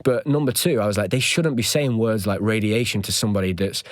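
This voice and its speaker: A young man hosting a podcast, recounting a personal story in an animated, increasingly agitated way. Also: fairly low pitch, fast talker, dry recording. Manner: animated retelling with rising agitation. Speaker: podcast host. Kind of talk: solo storytelling.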